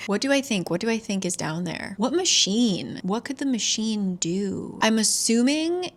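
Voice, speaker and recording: A woman book vlogger giving a casual, animated book recap, laughing and swearing freely. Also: on the high side, unhurried.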